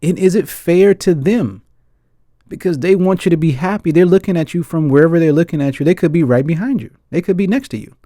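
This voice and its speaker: A man's voice: a little high, a little fast, warm tone, dry recording, studio quality. A man from the United States hosting a film chat, talking in an earnest, rambling way and often checking in with his audience. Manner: earnest and rambling, keeps asking the audience "right?" and "guys". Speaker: film discussion host. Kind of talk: casual reflective chat.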